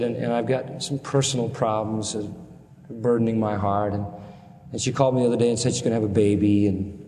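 A man preaching a sermon at a middle pitch, with his voice leaping up on questions and sinking low and soft for sad stories. His words ring out in a large hall with a long tail of reverb.

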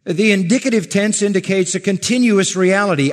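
A man's voice: a little high, animated. Emphatic male preacher in a reverberant hall. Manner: measured, emphatic preaching with slow stressed phrases. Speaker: pastor. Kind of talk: sermon.

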